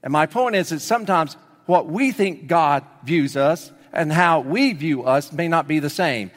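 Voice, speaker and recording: Animated man preaching in an echoey hall. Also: on the high side, unhurried. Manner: animated storytelling, swings between loud excitement and hushed emphasis. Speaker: pastor. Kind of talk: sermon. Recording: long reverb of a large hall.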